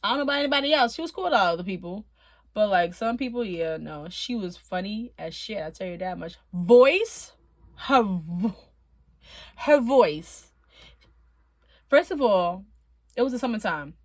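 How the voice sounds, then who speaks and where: A woman telling stories from her time in prison to her viewers in a casual, animated, profane way, laughing often and at times tearful. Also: medium pitch, moderate pace, long pauses, dry recording. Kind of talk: casual storytelling.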